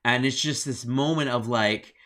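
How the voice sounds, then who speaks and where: Excited man recapping a TV episode. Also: mid-range voice, moderate pace. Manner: excited, retells scenes with acted-out quotes and many fillers. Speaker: podcast co-host. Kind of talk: casual review chat.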